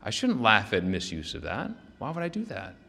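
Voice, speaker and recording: A man's voice: on the low side, huge pitch swings, normal speed, vocal fry, sharp tone, slightly rough. A male pastor preaching a sermon in a loose, conversational way, often checking in with the congregation and restarting his sentences. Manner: loose, with frequent restarts and fillers. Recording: long reverb of a large hall.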